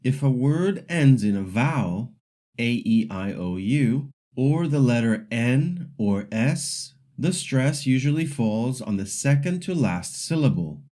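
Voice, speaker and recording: Slow, patient male language teacher. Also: medium pitch, lively intonation, dark tone. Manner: patient, instructional, slowly modeling example words. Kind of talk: scripted lesson narration.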